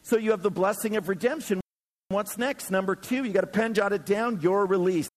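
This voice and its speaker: A man's voice: high voice, fairly quick, in a large hall. A man preaching a sermon as a pastor to a few hundred people, joking and acting out the people in his stories. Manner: animated, joking, acts out quoted people. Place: church hall before a few hundred people.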